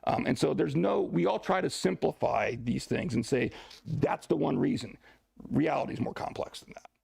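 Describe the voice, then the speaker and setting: A man with a high, gravelly voice and a slightly husky edge lectures a class. He jokes and turns to the students with asides. The sound is dry and close. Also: fairly quick, no room sound. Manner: lively and joking, asides to the class. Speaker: teacher of a church class.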